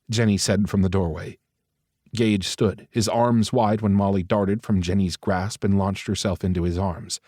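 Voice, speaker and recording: A low-voiced man narrates an audiobook from a script, telling the story in a measured, even way. The dry, close studio mic picks up no room sound.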